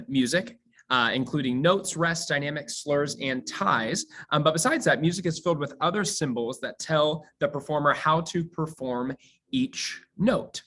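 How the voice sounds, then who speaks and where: A man teaching a recorded high school music theory lesson, explaining casually with many ums and uhs. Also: a bit bright. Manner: explains casually with many fillers, sings scale demonstrations.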